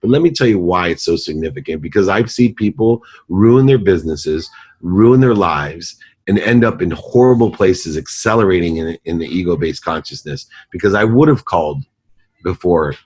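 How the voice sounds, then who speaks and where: A man's voice: low-pitched, expressive, moderate pace, a little mellow, slightly rough. A man in his forties, a company CEO, telling a motivational story as a podcast guest with earnest, emphatic delivery.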